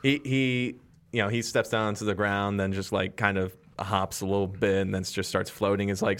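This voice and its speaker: A man's voice: on the low side, level tone, moderate pace, fairly bright tone, clean tone. A man running a tabletop game, narrating scenes in a loose way with many fillers. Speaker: game master.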